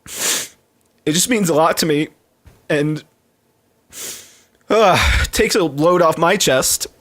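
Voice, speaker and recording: A man's voice: a little high, slow, a bit bright. A man streaming live, chatting casually to his viewers in a rambling, heartfelt way with many fillers and restarts.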